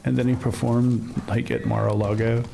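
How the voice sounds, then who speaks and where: Man from Ohio, game streamer, rough gravelly voice, dry rambling jokes, noisy backdrop. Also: medium pitch, little pitch movement, normal speed. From Ohio, USA. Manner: wry, rambling asides. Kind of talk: casual gameplay commentary.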